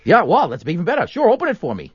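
A man's voice: high-pitched, wildly swooping pitch, very fast, breathy edge, no room sound. A man co-hosting a call-in radio show, cracking jokes and laughing with the caller. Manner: wisecracking, laughing. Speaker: radio co-host. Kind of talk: joking call-in radio banter. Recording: dull lo-fi radio broadcast with faint noise.

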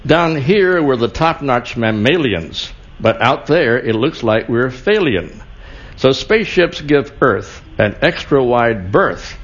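A man reading comic verses on a radio quiz as its announcer, delivering each rhyme in a measured way. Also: mid-range voice, big pitch swings, fairly bright tone, dull audio. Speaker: announcer and scorekeeper.

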